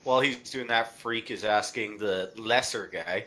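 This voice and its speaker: A man's voice: on the low side, normal speed, sharp tone. A man playing a tabletop game, joking about his character. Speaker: player.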